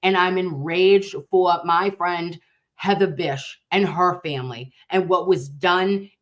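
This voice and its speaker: Outspoken woman livestream host, nurse by trade; blunt, profane, passionate, quick to outrage while she reads the chat. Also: lowish voice, steady tone. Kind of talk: casual livestream chat reading viewer comments.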